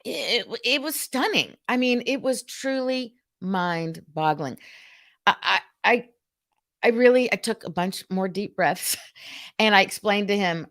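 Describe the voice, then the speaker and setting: A woman hosting a live stream, telling a frustrating story in a casual, animated, exasperated way. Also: mid-range voice, a little slow. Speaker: host.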